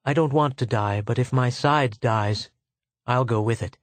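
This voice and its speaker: A man's voice: medium pitch, measured pace, no room sound, lightly acted. A man voicing a resolute young woman who speaks firmly and steadily, recorded dry. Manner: firm, steady.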